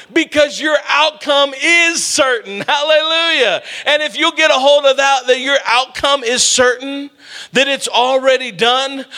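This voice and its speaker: A man preaching a storytelling sermon, animated and humorous, calling out to his congregation. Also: extremely high pitch. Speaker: pastor.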